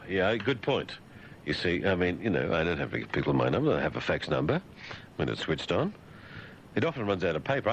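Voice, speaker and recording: A man with an Australian accent, a radio host riffing sardonically in a deadpan monologue on a lo-fi broadcast recording. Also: sits low. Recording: dull lo-fi radio broadcast with faint hiss.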